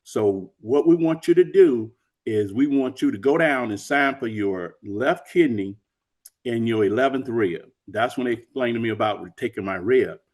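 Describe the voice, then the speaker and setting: A man's voice: medium pitch, animated, moderate pace, a little mellow. Earnest man retelling a personal story. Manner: earnest, acts out quoted dialogue. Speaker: author and interview guest.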